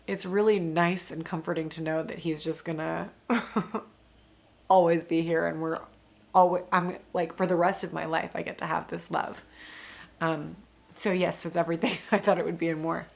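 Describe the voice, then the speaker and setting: A woman's voice: fairly low pitch, little pitch movement, moderate pace, gravelly. A young woman, a new mother, chatting candidly in a casual vlog, full of fillers and the odd swear word.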